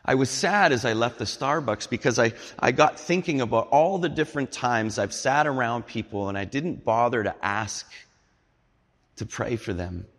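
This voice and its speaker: A man's voice: medium pitch, normal speed, fairly bright tone. Earnest man preaching in a hall. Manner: earnest, building to emphatic appeals. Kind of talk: sermon with storytelling. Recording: long hall reverb.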